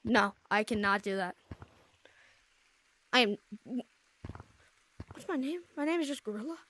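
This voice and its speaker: A woman's voice: on the high side, lively intonation, a little slow, a bit bright. A woman commenting casually on her gameplay, jumpy and easily startled, complaining as she goes. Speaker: game streamer.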